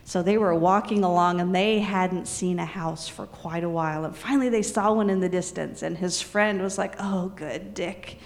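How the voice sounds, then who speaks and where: A woman telling a serialized story in an unhurried, soft-spoken way. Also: on the low side, creaky.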